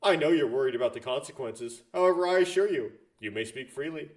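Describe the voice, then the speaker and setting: A man's voice: mid-range voice, lively intonation, fast talker, lightly acted. A man voicing a composed male schemer who speaks in formal, reassuring phrases. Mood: assured. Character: composed male mastermind ally, formal and assured.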